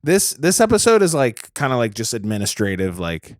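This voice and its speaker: A man's voice: medium pitch, wildly swooping pitch, brisk, dry recording, clean studio sound. Laid-back young man co-hosting. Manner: laid-back, short agreeing replies. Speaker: podcast co-host. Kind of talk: casual chat. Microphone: studio mic.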